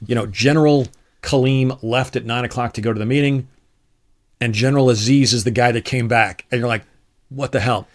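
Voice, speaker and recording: A middle-aged man with a mid-range voice tells old stories from his military service in a relaxed, conversational way. He slips into the voices of the people he quotes, which keeps his anecdotes animated. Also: medium pitch, fairly quick. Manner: animated storyteller who acts out quoted dialogue. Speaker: retired Army Special Forces officer, guest. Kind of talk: casual storytelling interview.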